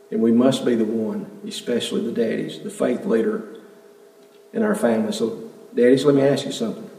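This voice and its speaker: A male preacher delivers an earnest sermon at a middle pitch, pressing the congregation with rhetorical questions. His voice carries a long reverberant tail, as if the hall is large. He sounds set back from the microphone. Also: gravelly, mellow. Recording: echoey hall, mic at a distance.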